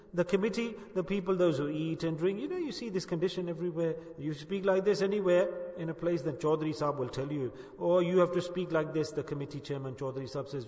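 A man preaching a passionate sermon, acting out the voices of the people he quotes. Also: fairly high pitch. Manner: impassioned, acts out quoted voices. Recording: echoey hall with long reverb.

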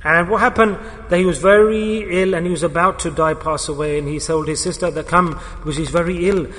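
A man's voice: a little high, fairly even intonation, brisk, fairly bright tone. A male preacher delivering a sermon, emphatic, repeating key words and putting questions to his listeners. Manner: poses questions to the audience. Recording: echoey hall with long reverb.

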